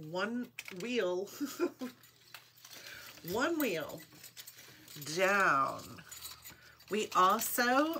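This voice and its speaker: A middle-aged woman with a Rhode Island accent hosts a live online sale in an unhurried, deliberate way. She greets viewers one by one and reads out each item number twice, with a voice pitched in the middle for a woman. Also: bright, forceful tone, slight background noise. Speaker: host of a live jewelry sale. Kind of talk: live-stream sales chat.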